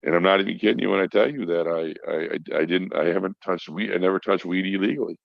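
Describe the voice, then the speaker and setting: A deep, gravelly man tells a long story as a podcast guest, swearing freely and getting emphatic as he goes. The recording sounds dull and lo-fi, dry, with no room around the voice. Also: fast, no echo. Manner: profane, emphatic, animated storyteller. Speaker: podcast guest, mental health worker. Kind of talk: casual storytelling.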